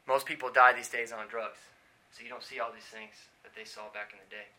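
A man preaching a sermon, swinging from hushed pleading to loud shouting. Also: medium pitch, steady tone, brisk.

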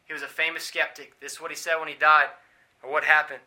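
Bright high-voiced preaching man. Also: little pitch movement, a little fast, pauses often. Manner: swings from hushed pleading to loud shouting. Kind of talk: sermon.

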